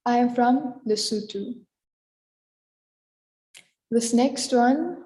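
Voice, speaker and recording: Slow, mellow-voiced woman teaching words. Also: a little high, echoey room, rough recording. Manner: repeats each word slowly, then translates. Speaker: language teacher. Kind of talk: slow, repeated vocabulary lesson.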